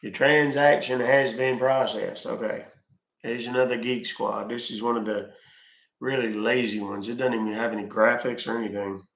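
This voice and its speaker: A man's voice: mid-range voice, fairly even intonation, moderate pace, creaky, a bit bright. Grumbling, cursing man live-streaming. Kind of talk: casual live-stream chat. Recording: roomy echo.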